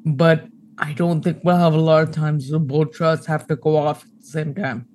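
A man's voice: on the high side, flat delivery, moderate pace, a little mellow, slight background noise. A man playing a tabletop game, laying out a tactical plan and stepping out of character to explain himself. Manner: planning tactics, mixes in-character whispers with out-of-character asides. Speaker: player.

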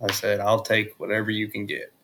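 A man on a podcast, telling a story in a steady, matter-of-fact way. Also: fairly low pitch, fairly quick. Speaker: podcast guest. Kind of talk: casual storytelling.

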